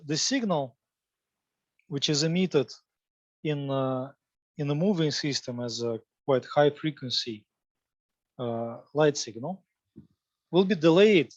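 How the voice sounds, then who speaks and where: A man with a fairly high voice gives a popular physics lecture, working through each idea step by step and rephrasing as he goes. The sound is dry, with no room echo, and slightly dull and lo-fi. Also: a little mellow.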